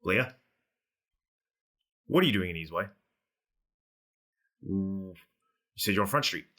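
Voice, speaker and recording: A man's voice: sits low, lively intonation, a little slow, pushed and bright. Easygoing man running a tabletop game. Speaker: game master.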